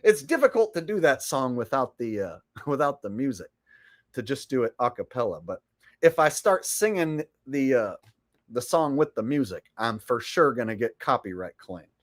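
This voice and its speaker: A man's voice: medium pitch, very animated, normal speed. A man chatting casually on his live stream, laid-back with chuckling asides.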